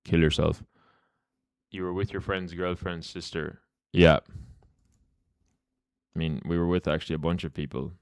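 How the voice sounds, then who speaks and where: A young man streaming chess who swears freely and trades jabs with his viewers, telling a rowdy story between moves. His voice sits somewhat low. It is recorded close and dry at a home desk mic with no room sound. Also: little pitch movement, moderate pace, long pauses, clear, resonant tone, no echo. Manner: profane, ranting banter with chat. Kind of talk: live-stream commentary and storytelling.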